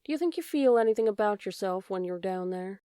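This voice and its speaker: A fretful old leaf, frail and afraid of falling, speaks in plaintive, everyday words, voiced by a woman reading a storybook. The voice sits at a middle pitch, and the sound is close and dry. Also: animated, fairly quick, dark tone, clean tone, no echo, natural voice. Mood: wistful. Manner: plaintive, worried colloquial talk. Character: old male autumn leaf, anxious and frail.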